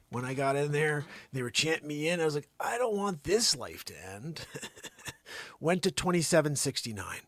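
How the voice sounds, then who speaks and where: A man hosting his own livestream and riffing an improvised comedy bit, lurching from loud outbursts down to near-whispers. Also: fairly high pitch, sing-song, normal speed, no room sound. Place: home studio.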